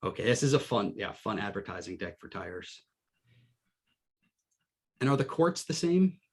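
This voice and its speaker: A man's voice: fairly low pitch, sing-song, moderate pace, a little hiss or hum. A man hosting a casual panel chat, joking and steering the talk. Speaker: host.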